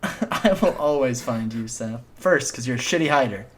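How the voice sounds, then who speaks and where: Lively, teasing young man podcaster. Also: mid-range voice, normal speed, a little hiss or hum. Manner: teasing, laughs often, self-deprecating jokes. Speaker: podcast co-host. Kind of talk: casual comedic chat.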